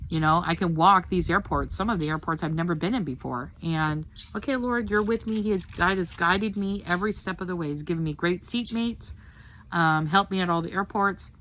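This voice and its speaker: An older woman with a deep, low-pitched voice talks straight to the camera, sharing a personal faith testimony. Her delivery is earnest and heartfelt, wandering casually from thought to thought. A faint background noise sits under her voice. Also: brisk, a bit bright. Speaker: Christian testimony speaker.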